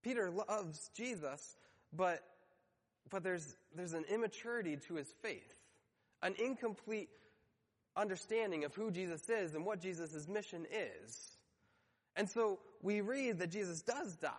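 A man's voice: high voice, sing-song, measured pace. A man preaching a sermon, telling the story and briefly acting out the voices in it. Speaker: pastor. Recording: long hall reverb.

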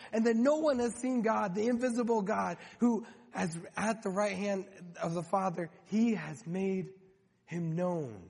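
A man's voice: high voice, gravelly, darkish tone, slightly rough. A man preaching a sermon as pastor, speaking conversationally with frequent restarts and rhetorical questions. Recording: long hall reverb.

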